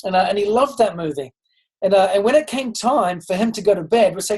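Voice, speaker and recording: A leadership coach speaks in a high, slightly mellow voice, animated and a little fast, over a rough recording with some hiss or hum. Giving a motivational talk on a group call, he earnestly encourages listeners, asks them direct questions, and often restarts with ums.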